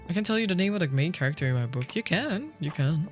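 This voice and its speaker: Talking fast in a high, expressive voice, this young gamer rambles and laughs frequently as he chats with his stream audience. Faint music plays in the background.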